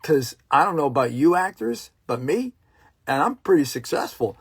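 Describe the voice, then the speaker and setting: Husky, blunt actor ranting to viewers. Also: male voice, mid-range voice, lively intonation, moderate pace, dry recording, studio quality. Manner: blunt, heated, profane, rambling with asides to viewers. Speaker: working actor and online host. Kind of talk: casual livestream rant.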